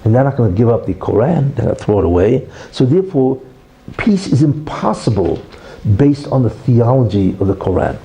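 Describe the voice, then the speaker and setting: A man teaches as a rabbi in an emphatic lecture, tagging point after point with "right?" and "you see". His voice is very dark and mellow, yet his pitch leaps around in a lively, animated way. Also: a little fast, creaky, muffled recording. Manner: teaches through a parable, acting out the quarrel in raised voices. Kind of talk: religious lecture.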